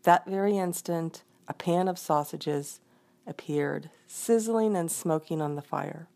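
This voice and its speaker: A woman reading a folk tale aloud in an expressive storytelling manner. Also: low-pitched, unhurried, creaky. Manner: expressive, voices the characters.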